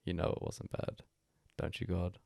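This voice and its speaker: A man reading a bedtime story aloud as a hushed, breathy first-person monologue. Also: normal speed, dry recording, studio quality. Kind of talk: soft-spoken story reading.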